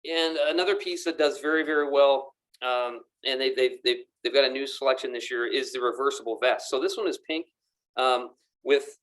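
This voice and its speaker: A man's voice: mid-range voice, moderate pace, fairly bright tone. A man presenting golf apparel on camera in a pro shop, enthusiastic and chatty, often repeating his words as he goes. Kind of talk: casual product demonstration to camera. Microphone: camera mic, moves around the room.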